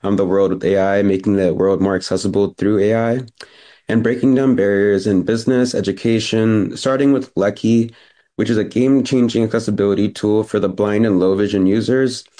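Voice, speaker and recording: Hoarse young man reading a pitch. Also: brisk. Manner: steady, scripted delivery. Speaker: founder and CEO. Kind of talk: read pitch presentation.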